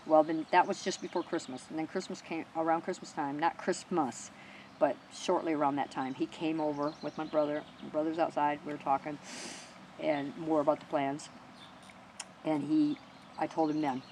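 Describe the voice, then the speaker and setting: A middle-aged woman telling her own story in an emotional, halting way, with restarts and soft laughs. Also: sits low, flat delivery, a little hiss or hum. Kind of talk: personal storytelling.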